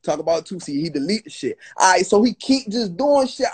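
A man's voice: high voice, sing-song, a little fast, husky. A young man telling a heated story on a livestream call, agitated and profane, stumbling over restarts. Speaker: guest on a livestream. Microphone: phone on a live video call.

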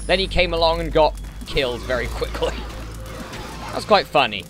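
Lively, bright-voiced gamer man. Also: on the high side, moderate pace, long pauses, faint music behind. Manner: chatty, playful, mutters asides to enemies. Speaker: gaming channel host. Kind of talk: let's play commentary. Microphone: desktop mic with noise suppression.

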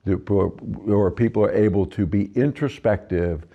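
Over phone-quality audio, a man trains facilitators at a measured pace in a lowish voice. He sometimes imitates clients' remarks in a livelier tone.

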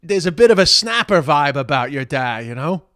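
A man's voice: a little high, sing-song, moderate pace, a bit bright, no room sound, clean studio sound. A man hosting a podcast over a video call, reacting to a friend's stories and musing on them. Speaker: podcast host. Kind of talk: casual chat on a video call.

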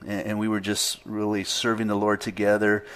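A man's voice: lowish voice, monotone, moderate pace, smooth. A male pastor preaching a sermon in an easygoing conversational way, reading scripture aloud with rising emphasis.

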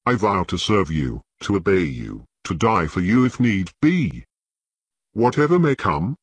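A man voicing a loyal middle-aged knight, speaking earnestly in a low, husky voice. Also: big pitch swings, measured pace, dry recording, heavily acted. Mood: devoted.

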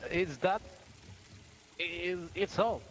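A man's voice: sits high, drawn-out words, a bit bright, a little hiss or hum. A man playing along in an in-game role-play, flustered and stammering as he denies things. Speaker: fellow player.

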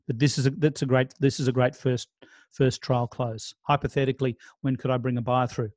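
A man's voice: medium pitch, flat delivery, fairly quick, darkish tone, no room sound. Aussie guy coaching agents, chatty, stumbles and restarts, dead dry mic. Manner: conversational, role-plays client scripts, frequent restarts. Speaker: real estate sales trainer. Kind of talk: casual training talk.

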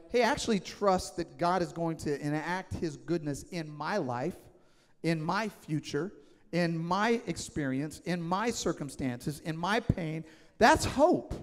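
Pastor guy in his 30s preaching, kinda high voice, lots of "right?", long church echo. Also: a little mellow. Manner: emphatic, conversational, asks the congregation questions. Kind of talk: sermon. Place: church sanctuary. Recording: long church hall reverb.

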